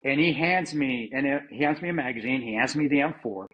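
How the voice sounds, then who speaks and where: A man's voice: medium pitch, brisk, husky, lo-fi sound. A middle-aged American man, a former Army Ranger, telling his story in a plain-spoken way with many restarts and some swearing. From United States. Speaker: interview guest, former Army Ranger and security contractor. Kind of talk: candid conversational storytelling.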